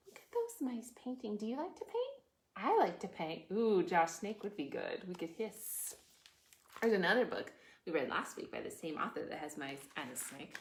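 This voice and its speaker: A woman, a children's librarian, leading a preschool storytime: she sings animal songs and reads a picture book in a gentle, sing-song way. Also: mid-range voice, very animated, moderate pace, a little hiss or hum. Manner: sing-song, gentle, talks softly to her cat and young viewers.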